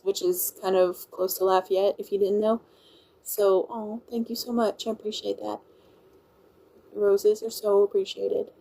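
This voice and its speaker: Woman, Louisiana Cajun-country accent, casual livestream chat, rambling, mellow. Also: mid-range voice, rough recording. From Louisiana, USA. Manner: chatty and rambling, laughs often, thanks viewers. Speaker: livestream host. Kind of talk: casual live-stream chat.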